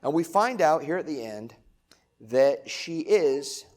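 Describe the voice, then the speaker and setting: A man preaching a sermon in a relaxed, talky way, full of "right?" asides to the congregation. His voice sits a little higher than most men's. He swings from loud, emphatic lines to quiet, close remarks. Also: takes it slowly. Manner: casual conversational preaching with rhetorical questions. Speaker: pastor.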